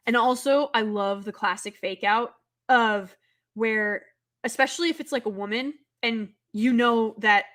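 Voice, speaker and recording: Woman streamer, casual live chat, slightly high voice, rambly, prone to loud outbursts. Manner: chatty, many filler words, rambling; bursts into loud, exasperated outbursts. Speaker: livestream host.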